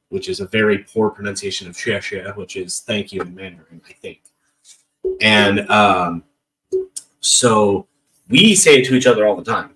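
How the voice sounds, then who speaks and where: A man's voice: lowish voice, fairly bright tone, recorded from a distance, low-quality recording. Rambling, jokey man telling stories, a bit off-mic. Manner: jokey, self-deprecating, rambling with restarts. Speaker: podcast guest. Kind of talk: casual storytelling.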